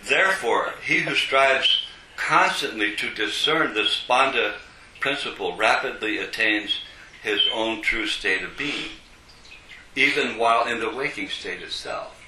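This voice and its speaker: A man teaching a small group, reading a passage slowly and then unpacking it with halting restarts. His voice has a bright, crisp edge. He sounds distant from the mic in an echoey room with a faint hiss behind him. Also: lowish voice. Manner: slow, deliberate, with many restarts. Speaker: teacher leading a study group. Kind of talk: reading a text aloud and explaining it.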